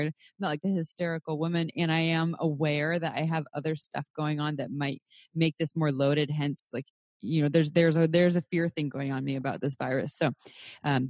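A young adult woman co-hosting a podcast in casual chat, candid, swearing freely and laughing often with animated outbursts. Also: sits low, no echo, studio quality. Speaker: podcast co-host.

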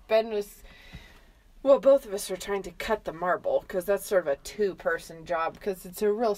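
A middle-aged woman co-hosting a podcast, telling a comic story in a casual, animated way with bursts of laughter. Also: medium pitch. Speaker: podcast co-host.

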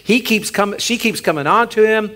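A man, a pastor co-leading a sermon, retelling a Bible story in an animated, joking way. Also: high-pitched, normal speed. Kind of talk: sermon, co-preaching.

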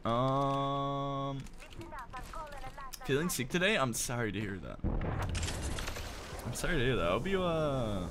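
A man streaming a video game, chatting casually with a friend, excitable, swearing and laughing often. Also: mid-range voice, a little slow, pauses often, background noise. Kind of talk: casual gaming stream chat.

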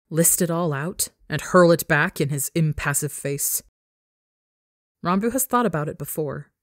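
A woman's voice: low-pitched, dry recording, studio quality. A woman narrating a dramatic fan fiction story for a podcast in an intense storytelling manner.

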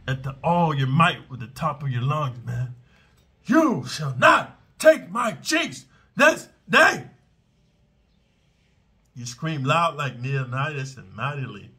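Husky, bright-voiced swaggering ex-con man. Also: medium pitch. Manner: blunt, swaggering, peppers lines with "man" and "dude"; animated, shouts out strike sounds. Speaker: ex-convict giving prison survival advice. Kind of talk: unscripted, profane street talk to camera. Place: in Manila.

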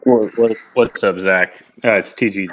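A man's voice: fairly low pitch, a little slow, fairly bright tone, highs cut off. A man speaking as a guest in a casual audio chat, laid-back and conversational.

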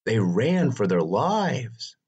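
A man reads a children's storybook aloud with slow, deliberate pacing. His husky voice swoops through a very wide pitch range for drama. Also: dull audio. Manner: expressive, sweeping pitch for drama. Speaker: narrator.

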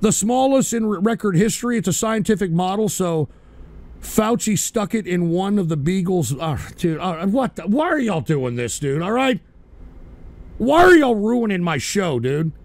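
A man's voice: high voice, very animated, normal speed, dry recording. A man hosting a live talk show, cursing and snapping irritably at the trolls in his chat between political rants. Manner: profane, irritable, shouting at trolls. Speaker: livestream talk show host. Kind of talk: live call-in radio rant.

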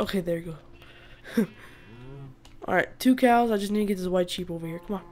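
A woman's voice: on the low side, brisk, darkish tone. A woman giving casual, chatty let's-play commentary as she plays a survival game, laughing often and bursting out in exasperation at the animals. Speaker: gaming video host.

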